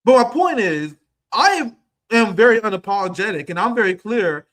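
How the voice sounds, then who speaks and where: Man, thirties, very high-pitched, combative, swearing, ranting political commentary. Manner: quick swings between loud outbursts and low asides. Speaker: political streamer.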